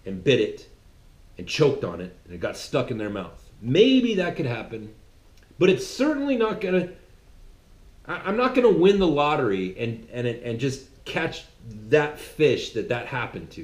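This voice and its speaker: A man's voice: mid-range voice, big pitch swings, moderate pace. A man delivering a sermon-like monologue in a mocking, conversational way. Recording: roomy echo.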